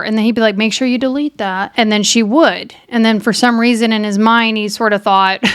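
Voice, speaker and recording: A woman's voice: medium pitch, clean tone, dry recording, studio quality. A woman telling a true crime case in a conversational, emphatic way, often speaking straight to her viewers. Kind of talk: true crime storytelling to camera.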